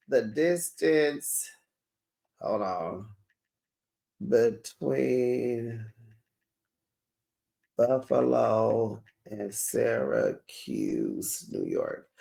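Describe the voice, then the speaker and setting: Slow, chatty woman recapping reality TV. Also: on the low side. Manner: chatty, animated, addresses viewers as besties. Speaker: recap channel host.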